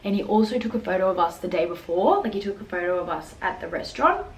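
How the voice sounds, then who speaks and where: A woman's voice: mid-range voice, fast talker. A young woman vlogging casually, telling a story with lots of "like" fillers and acted-out quotes. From Australia. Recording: echoey room with faint background noise.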